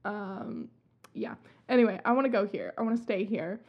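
Telling spooky stories on her casual podcast about haunted places, a young woman is chatty and giggly, swearing casually. Her mid-range voice has a breathy edge and big pitch swings at a moderate pace. The sound is dull and lo-fi.

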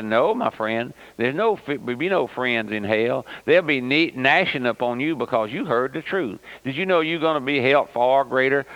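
A man delivers a fervent radio sermon, addressing his listeners as "my friend." His voice is medium-pitched with a fairly bright tone, heard through a dull, lo-fi old radio recording.

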